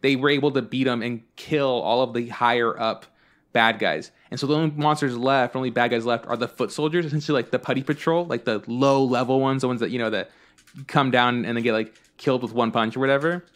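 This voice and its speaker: A podcast host chats casually, his mid-range voice steady in tone and fairly quick. He tells rambling stories packed with fillers and swears freely.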